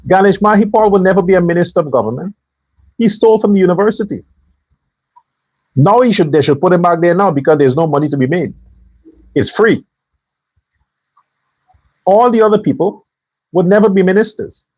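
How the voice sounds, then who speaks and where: A man's voice: high voice, lively intonation, a little fast, long pauses, darkish tone, no echo, poor audio. A man delivering an angry, profane political commentary rant as a show host. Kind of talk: heated political commentary monologue.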